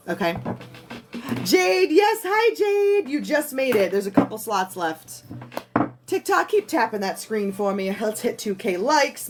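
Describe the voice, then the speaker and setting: A young woman reading tarot on a casual livestream, chatting with viewers and laughing often. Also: fairly high pitch. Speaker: tarot reader streamer.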